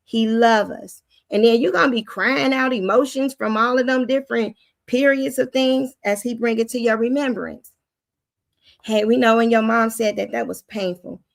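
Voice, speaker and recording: Woman teaching, high youthful voice, gravelly edge, dry close sound, preacherly and informal. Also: no echo. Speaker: faith teacher. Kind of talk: spoken teaching.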